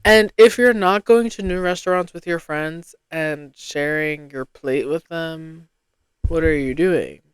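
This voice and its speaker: A young woman from Rhode Island hosting a casual solo podcast, rambling and self-deprecating with sudden bursts of excitement. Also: sits low, unhurried, clear, resonant tone, no room sound. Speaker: podcast host.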